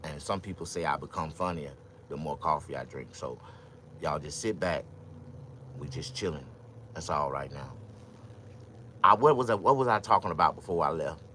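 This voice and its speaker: A man's voice: very deep voice, moderate pace, long pauses, a little hiss or hum. A man vlogging to his viewers in a loose, crude comedic rant, drawling, repeating himself and thinking aloud. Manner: loud, crude, animated rambling with sudden shouts.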